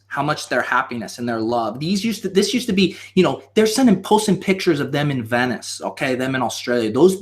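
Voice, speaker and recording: A man with a somewhat high voice guests on a casual live stream. He rambles in an overdone, mock-emotional comic manner. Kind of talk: comedic live stream chat.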